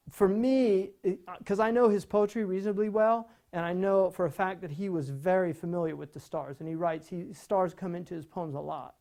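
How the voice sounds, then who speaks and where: Male lecturer, warm mellow tone, conversational, keeps checking in with rhetorical questions. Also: high voice, gravelly. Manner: rhetorical questions, frequent "right?"; animated, conversational teaching. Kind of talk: lecture on poetry.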